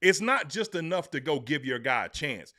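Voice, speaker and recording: A man co-hosting a sports podcast, talking emphatically and excitably to his co-host. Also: a little high, normal speed. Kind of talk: animated sports talk.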